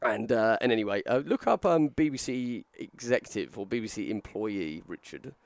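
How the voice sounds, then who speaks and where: A young man telling a story on a podcast, animated, acting out quotes with lots of fillers and restarts. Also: lowish voice, normal speed, no room sound. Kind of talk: casual storytelling chat.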